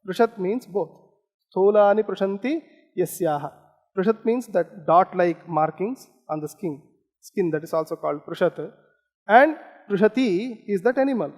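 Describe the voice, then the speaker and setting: Male lecturer from India, high-pitched, patient explaining with fillers, hall reverb. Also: lively intonation, moderate pace, darkish tone. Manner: explanatory, with frequent "okay" and "uh" fillers. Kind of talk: academic lecture.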